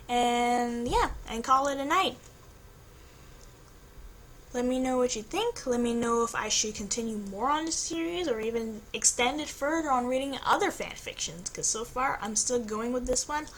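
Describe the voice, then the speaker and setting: A fairly high-voiced young woman reads her own fanfiction aloud as a YouTuber. She breaks off now and then for playful, lively asides to her viewers, with a faint hum of room ambience behind her. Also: moderate pace.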